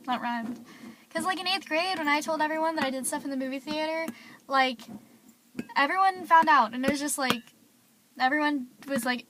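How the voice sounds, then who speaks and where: A woman's voice: high voice, moderate pace, noisy background. A teenage girl vlogging, rambling through gossip with lots of fillers. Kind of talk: casual gossip vlog.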